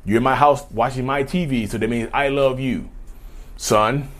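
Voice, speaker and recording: A man talking casually to camera in a vlog, animated, addressing viewers as "y'all" and slipping into mocking voices. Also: medium pitch, normal speed. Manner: loose conversational speech, says "y'all" often. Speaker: YouTube host.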